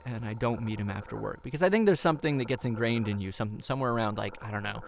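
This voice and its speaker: A man's voice: quick pace, creaky, hardly any pauses, slight background noise. Rambling self-mocking young man telling stories. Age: 20s. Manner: rambling, self-deprecating, many fillers and restarts; voices rises high and loud when acting his own panic. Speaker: storyteller. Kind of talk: live comic storytelling.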